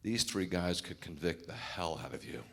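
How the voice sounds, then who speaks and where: A man's voice: sits low, normal speed, vocal fry, background noise. A middle-aged man from New York, a rabbi preaching frankly and telling personal stories. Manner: candid, storytelling, self-deprecating. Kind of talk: sermon.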